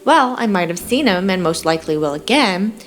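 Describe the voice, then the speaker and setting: A woman's voice: on the low side, expressive, brisk, a little hiss or hum, natural voice. A woman reading the lines of a friendly, teasing homeless man in a short story, in a raised, lilting voice. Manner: light teasing banter.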